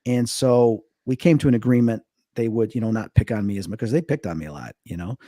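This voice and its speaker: Interviewed as a guest, this medium and paranormal investigator from Chicago, in his fifties, tells stories quickly, animatedly voicing quoted dialogue with big leaps in pitch. The studio sound is clean and dry.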